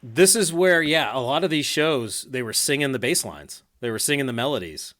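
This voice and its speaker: A man's voice: medium pitch, lively intonation, normal speed, a bit bright. A man hosting a casual podcast chat, talking loosely with fillers, restarts and easy laughs. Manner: chatty, laughs easily, many fillers and restarts. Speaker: podcast host.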